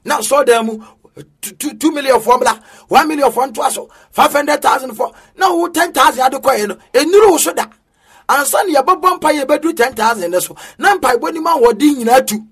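Man preaching, Ghanaian accent, very high voice, sing-song delivery, shouted peaks. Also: brisk. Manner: emphatic, half-sung preaching with shouted peaks. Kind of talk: sermon.

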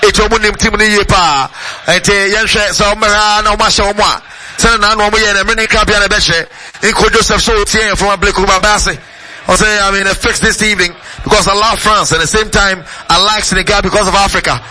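A man with a Ghanaian accent giving rapid live radio football commentary, switching between English and Twi. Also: high-pitched, steady tone, sharp tone, a little hiss or hum, rough recording.

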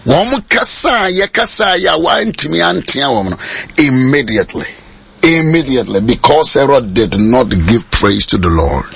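Gravelly, husky preacher. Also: male voice, big pitch swings, moderate pace. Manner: switches between Twi and English, rising to high shouted peaks. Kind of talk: sermon.

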